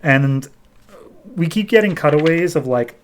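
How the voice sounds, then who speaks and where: A man's voice: on the high side, expressive, measured pace, slight background noise. A man hosting a podcast, recapping a comic book in a loose, chatty way and paraphrasing what the characters say. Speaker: podcast host.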